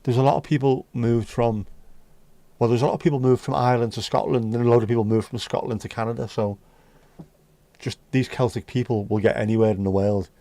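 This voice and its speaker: A man's voice: mid-range voice, steady tone, brisk, dark tone, dry recording. A man from North West England, hosting a livestream and chatting bluntly with his viewers. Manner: blunt, chatty, swears casually. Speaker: livestream host. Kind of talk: casual chat with live chat.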